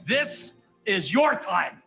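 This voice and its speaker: An actor playing a determined hockey coach giving a deliberate, rallying locker-room speech in a film scene. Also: male voice, high-pitched, sing-song, vocal fry, sharp tone, soft background music, heavily acted.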